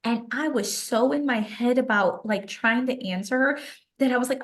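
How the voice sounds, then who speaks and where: A young woman with a slightly high voice recounts her own story as an interview guest. She speaks with open emotion, leaning on casual fillers like "like" as she goes. The delivery is conversational and heartfelt. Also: moderate pace. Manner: emotional, animated retelling with frequent "like" fillers. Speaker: guest author.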